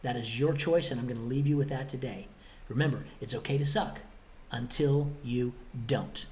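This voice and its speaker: On his own motivational podcast, this host's voice sits slightly high. He's forceful and direct, a touch cheeky, and plays out imagined dialogues by taking both parts himself.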